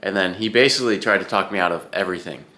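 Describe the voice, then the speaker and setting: A young man talks to his camera at home, rambling about his bike and his training. His voice sits low but comes across bright and forward. He swears freely and rants in a loose, casual way. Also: very fast. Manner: chatty, swears freely, ranting. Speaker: vlogger training for an Ironman.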